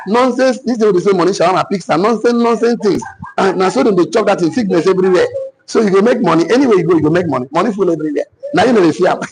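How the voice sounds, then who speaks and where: A man with a Nigerian accent giving a joking, animated motivational talk to an online business community as coach. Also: high-pitched, slight background noise, rough recording. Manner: animated, joking, mixes Pidgin asides with laughter.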